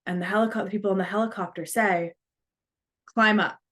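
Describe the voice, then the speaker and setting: Female speaker, earnest storyteller, mid-pitched voice, acts out quotes. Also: fairly even intonation, racing. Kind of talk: storytelling talk.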